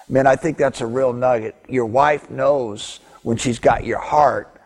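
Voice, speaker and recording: A man's voice: mid-range voice, unhurried, long reverb tail. A man teaching a Christian marriage session to husbands, earnest and exhorting, acting out his own thoughts. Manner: earnest, exhorting, quotes himself.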